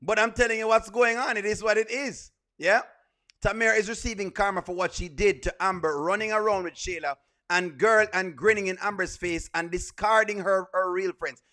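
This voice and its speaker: A man commenting on a comedy skit in a reaction video. His voice sits high and sounds bright and forceful. He scolds emphatically and repeats himself for effect. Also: steady tone, normal speed.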